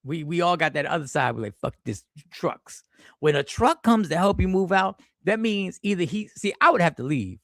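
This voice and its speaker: Livestream host, male, high gravelly voice, slangy and animated, dry close sound. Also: a little fast, few pauses, no echo. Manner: animated, slangy, reacts to chat with sudden exclamations. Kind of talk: casual livestream chat reading comments. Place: airport.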